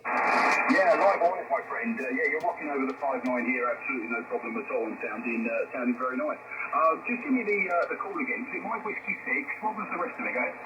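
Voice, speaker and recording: A man's voice: medium pitch, quick pace. A man from England chatting on ham radio in a friendly, polite way, with many fillers. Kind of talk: casual radio chat. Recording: loud noisy radio reception.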